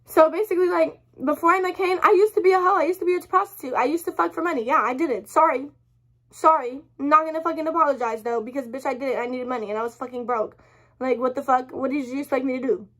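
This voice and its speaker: Young woman vlogger, high voice, upset rambling storytime rant full of swearing. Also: quick pace, fairly bright tone. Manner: rambling, heavy swearing, apologizes often. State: upset, close to tears.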